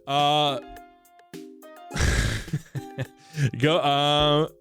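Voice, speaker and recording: A man's voice: on the high side, extremely slow, soft background music. Chatty man running a tabletop game. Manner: relaxed, chatty, many fillers. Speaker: game master.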